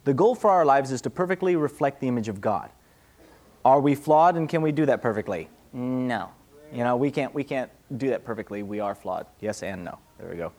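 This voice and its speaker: A man's voice: medium pitch, fairly quick. A man, a pastor, answering questions in a casual, conversational sermon, acting out small voices. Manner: conversational, animated, acts out little voices.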